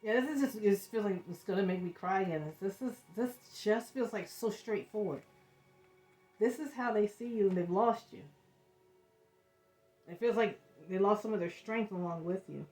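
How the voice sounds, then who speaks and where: A woman giving an emotional tarot reading, talking in halting, searching bursts with repeated words. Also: medium pitch, darkish tone. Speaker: tarot reader. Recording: echoey room.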